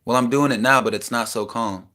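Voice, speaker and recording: A young man in a small house, venting a raw personal rant that swings between heated outbursts and quieter reflection. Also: medium pitch, fairly even intonation, fairly quick. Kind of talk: emotional personal rant to camera.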